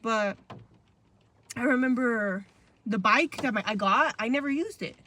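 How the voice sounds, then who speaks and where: Young woman podcast host, slightly high voice, slangy casual storyteller. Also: unhurried, pushed and bright, slight background noise. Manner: chatty, heavy on "like" and "bro", acts out quotes.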